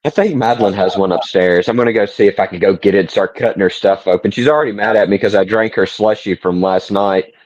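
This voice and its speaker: A man with a soft Southern accent, co-hosting a podcast in easygoing, casual chat. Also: on the low side, fast talker, few pauses, no room sound, highs cut off. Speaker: podcast co-host.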